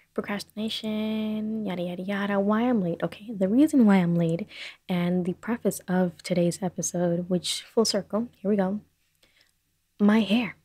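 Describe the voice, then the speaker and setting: A young woman hosting a casual solo podcast from her bedroom, rambling and self-deprecating, talking fast. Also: medium pitch, warm tone, dry recording. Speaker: podcast host. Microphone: desk microphone on a short stand.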